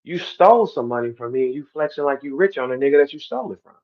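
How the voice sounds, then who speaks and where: A man's voice: fairly high pitch, quick pace, highs cut off. Heated man ranting on a stream. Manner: animated, repetitive, swings from loud to quiet. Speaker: battle rapper on a stream. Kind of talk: heated monologue.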